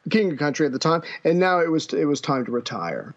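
A man's voice: on the high side, very animated, fast. A man co-hosting a podcast, chatting casually about history and often stopping to restart his sentences. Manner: hesitant, many fillers and restarts. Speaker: podcast co-host. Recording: dull lo-fi recording.

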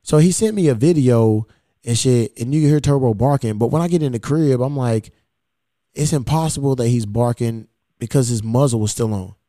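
Recorded in a clean studio with no echo, a male podcast host of medium pitch and moderate pace relates a story casually. His retelling is profane and lively, acting out the exchanges he quotes.

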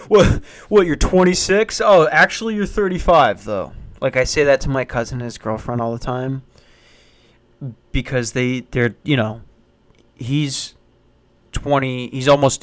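A man's voice: medium pitch, a bit bright. A man in his twenties talking in a casual comedic monologue, rambling, swearing, and restarting his sentences. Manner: rambling and profane, with frequent restarts.

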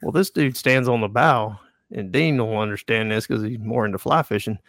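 A man's voice: on the low side, normal speed, creaky, fairly bright tone, no echo. A man who works as a fishing guide, telling a customer story in casual podcast chat with dry, easygoing humor. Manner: laid-back storyteller, dry humor, chuckles.

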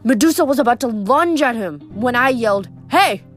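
A woman reads a novel aloud in a steady storytelling way. Her voice is notably high, and faint music plays beneath the reading. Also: a little fast. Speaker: reader.

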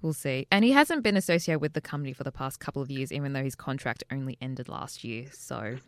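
A woman's voice: a bass voice, expressive, fast talker, clear, resonant tone, no echo. A woman co-hosting a podcast, chatting casually with wry, sarcastic asides. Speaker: podcast co-host.

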